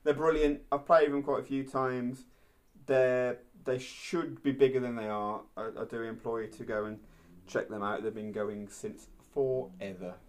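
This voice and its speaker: A man's voice: medium pitch, steady tone, moderate pace. A man hosting a podcast, tipsy, rambling and joking, laughing often between lines. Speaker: podcast host. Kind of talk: casual chat.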